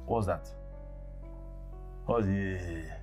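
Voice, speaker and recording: A man's voice: low voice, a little mellow, soft background music. An actor playing a hot-tempered young man who fakes a kidnapping in a film drama. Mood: excited. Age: young adult. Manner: exasperated, quick to flare up. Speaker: fake kidnapper.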